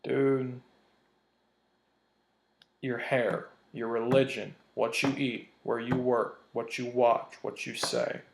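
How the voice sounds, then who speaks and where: A man's voice: medium pitch, fairly even intonation, slow pace, vocal fry, pauses often, slight background noise. A man ranting in a vlog, heated and profane, hammering his points with emphasis. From United States. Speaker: vlogger. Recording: roomy echo.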